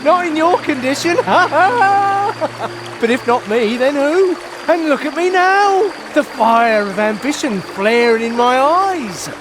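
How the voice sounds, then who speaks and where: High-voiced twitchy night guard in a game, slow and draggy but all over the place. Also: very animated, noisy background, full character voice. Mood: jittery. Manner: jittery, theatrical swings between sleepy and fired up. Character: drowsy, excitable night watchman guarding a cannon. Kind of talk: video game voice acting.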